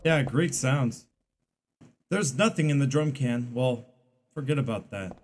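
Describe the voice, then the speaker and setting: A man's voice: medium pitch, lively intonation, unhurried, slight background noise. A man giving casual, rambling game commentary to his stream chat, full of fillers and restarts.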